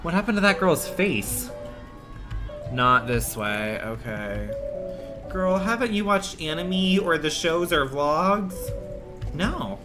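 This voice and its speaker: A male streamer grumbles through a game with crude sarcasm, and his pitch swings widely from low mutters to sudden squeaks. Game music runs loudly under him. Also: expressive, takes it slowly. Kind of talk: casual let's-play commentary.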